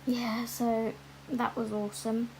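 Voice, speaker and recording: Slow-talking chatty woman streaming. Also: a little high, flat delivery, a little mellow, a little hiss or hum, low-quality recording. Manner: chatty, many ums, reads viewer comments aloud. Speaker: livestream host colouring. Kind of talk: casual livestream chat.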